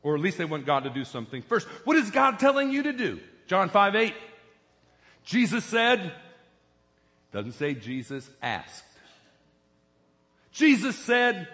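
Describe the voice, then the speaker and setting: A high, bright-toned male pastor preaching a sermon, emphatic and throwing questions out to the congregation. His voice rings with a long church reverb around it. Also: sing-song, measured pace, pauses often.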